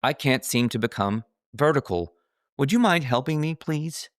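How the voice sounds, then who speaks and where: A man's voice: medium pitch, animated, moderate pace, no echo, clean studio sound, pitched above the performer's own voice, lightly acted. A man putting on a frail, frightened elderly woman. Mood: frightened pleading.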